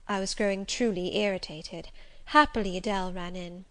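Measured woman audiobook narrator. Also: mid-range voice, fairly even intonation, fairly bright tone. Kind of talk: scripted narration.

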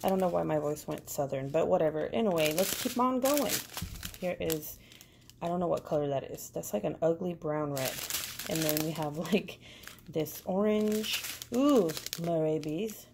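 Over loud crinkling of packaging, a female vlogger talks her way through a crafting unboxing in a low voice with vocal fry. Her pace is moderate, and she rambles with plenty of filler words.

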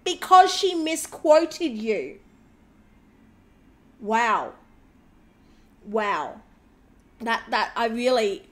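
A woman's voice: a little high, fairly bright tone. A woman hosting a reaction video, talking in a sarcastic, indignant way. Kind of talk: reaction commentary.

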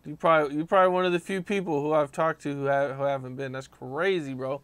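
A man's voice: on the high side, steady tone, fast talker, clear, resonant tone. A man hosting an interview, asking short plain questions and reacting briefly.

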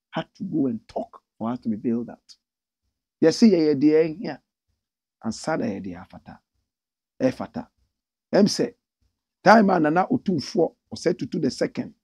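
Ghanaian male host, husky and gravelly, swinging pitch, dry close sound. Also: no room sound. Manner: animated, reads viewer comments aloud in a pitched-up voice. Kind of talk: casual livestream talk.

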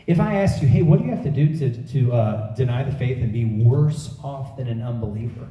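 Dark-voiced male preacher in an echoey room. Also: mid-range voice, brisk, few pauses. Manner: animated storytelling preacher acting out quotes. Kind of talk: sermon. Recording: echoey room heard from a distance.

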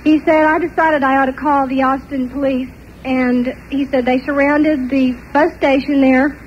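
High-voiced older woman telling a story. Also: normal speed, dull audio, slight background noise. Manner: animated, laughs often between parts of the story. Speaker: testimony speaker. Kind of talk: personal storytelling.

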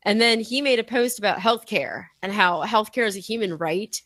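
A woman chatting on a podcast in a lively, animated way, laughing often and acting out what others said. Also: mid-range voice, moderate pace, dry recording. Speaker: podcast guest. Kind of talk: casual podcast chat.

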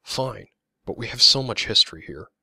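A man's voice: on the low side, animated, normal speed, bright, forceful tone, breathy edge, no room sound, voice pushed up, full character voice. A man voicing an eager young woman who tries to make peace, pleading and upbeat.

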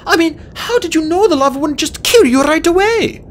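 A woman voicing a frightened young female dragon who pleads urgently in a high voice. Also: lively intonation, a little fast. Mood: pleading.

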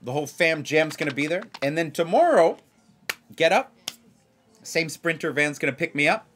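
A man hosting a blackjack video, chatting casually and excitedly as he plays. He repeats himself for emphasis and keeps talking straight to his viewers. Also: on the high side, normal speed, soft background music. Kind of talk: casual chat while playing blackjack.

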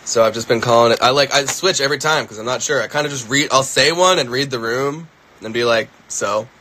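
A man's voice: medium pitch, fast talker, sharp tone. A young man with a Philadelphia accent chatting casually and joking on a livestream, a little stuffy in the sinuses. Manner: rambling, joking, laid-back.

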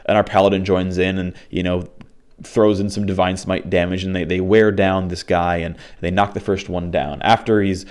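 Speaking at a normal pace in a low-pitched voice, a young man goes over a tabletop game session in a loose, rambling way. Fillers and restarts pile up, and he breaks into animated quoted lines.

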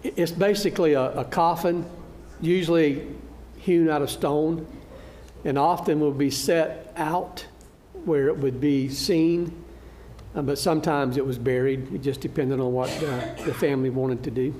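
Halting, slightly high-voiced man teaching. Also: fairly even intonation, darkish tone, slight background noise. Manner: halting, frequent "uh" fillers and restarts; good-humored, laughs at his own slip. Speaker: Bible class teacher. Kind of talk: slide-show lecture to a church class. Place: church classroom.

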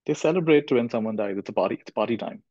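A man's voice: mid-range voice, lively intonation, fast, dark tone, no room sound. A middle-aged man from India, giving a thoughtful spiritual talk as a teacher and repeating phrases for emphasis. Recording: dull lo-fi recording.

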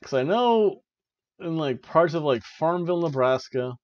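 A man's voice: fairly high pitch, animated, a little slow, no echo, muffled recording. A young man hosting a wrestling review podcast, giving casual, joking play-by-play with lots of fillers. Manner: rambling, joking, frequent "uh" and "like".

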